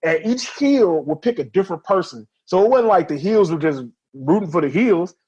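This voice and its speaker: A man's voice: high voice, moderate pace, breathy edge, highs cut off. A man co-hosting a wrestling podcast in casual chat, telling stories animatedly and acting out quotes. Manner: animated storyteller, acts out quotes, laughs often. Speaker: podcast co-host.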